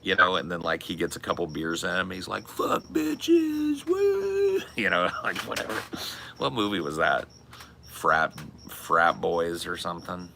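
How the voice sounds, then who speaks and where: A man's voice: low voice, steady tone, moderate pace, creaky, bright, forceful tone, a little hiss or hum. A man in his forties chatting casually on a live stream, rambling and swearing in a bro-ish way. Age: 40s. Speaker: streamer and podcast host.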